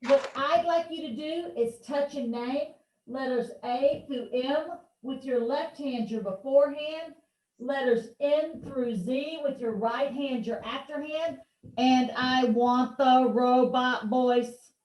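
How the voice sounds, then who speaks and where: A woman leads a one-on-one reading lesson over a video call. Her voice sits high and her pace is slow and deliberate, with playful, encouraging prompts. The sound carries a roomy echo. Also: a little mellow. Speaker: reading teacher.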